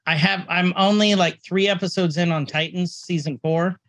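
A man hosting a relaxed podcast, his voice sitting a little high for a man. He talks in a chatty, laughing, rambling way. The sound is dry and close, with no room around it. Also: moderate pace, no echo. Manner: chatty, laughing, lively storytelling. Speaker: podcast host. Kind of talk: casual chat.

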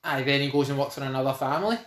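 A man chatting on a podcast, answering in short, dry, teasing remarks. His voice sits at an ordinary middle pitch. The recording has a roomy echo. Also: very fast, a bit bright. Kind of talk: casual chat. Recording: echoey room.

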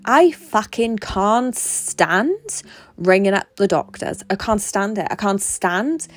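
A woman's voice: medium pitch, animated, slow pace. A young woman, talking frankly and swearing freely in a casual vlog monologue. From Britain. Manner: chatty, swears a lot, frank. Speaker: vlogger.

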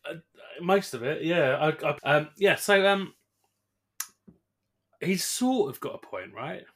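Bright, jokey male podcast co-host. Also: fairly high pitch, lively intonation, a little slow. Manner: jokey, laughs often. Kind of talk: casual sports chat.

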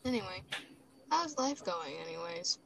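A woman's voice: on the low side, very animated, normal speed, vocal fry, a little hiss or hum. A woman hosting a casual podcast chat, talkative and easily flustered, laughing often, recorded through a phone. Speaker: podcast host. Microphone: phone speaker.

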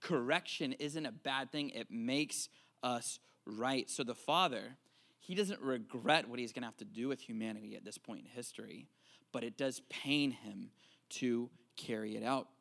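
A man's voice: mid-range voice, normal speed, creaky, fairly bright tone. A man in his thirties preaching a conversational sermon in church, joking and asking the congregation questions. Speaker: pastor. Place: church service.

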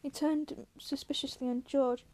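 A woman reading a novel aloud at a steady pace, now and then stumbling and correcting herself. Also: high voice, measured pace, a little hiss or hum. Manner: steady, with slips and self-corrections. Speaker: audiobook reader.

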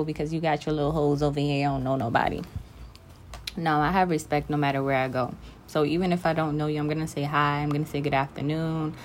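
A woman's voice: deep voice, background noise. A young woman ranting bluntly and emphatically to the camera in a casual vlog. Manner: blunt, emphatic, talks straight to the listener. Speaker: vlogger.

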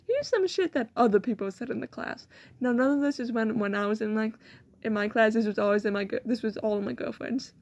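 A teenage girl, a student, telling school stories in casual chat, giggling often, swearing casually and quoting people in animated voices. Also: on the high side, normal speed. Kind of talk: casual storytelling.

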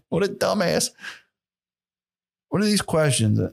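A man's voice: sits high, big pitch swings, takes it slowly, creaky. Rambling profane male podcast host. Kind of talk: solo podcast monologue.

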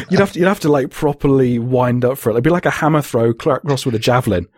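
A man with a husky voice, chatting casually on a podcast in a rambling, sweary way. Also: medium pitch, quick pace, no room sound, studio quality. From Britain. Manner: rambling, sweary, laughs often. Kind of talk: casual chat.

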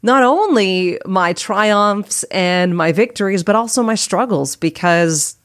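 A woman's voice: mid-range voice, expressive, slow, dry recording, studio quality. A woman hosting her own podcast as a life coach, talking earnestly and casually, often repeating phrases for emphasis. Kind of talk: casual solo podcast talk.

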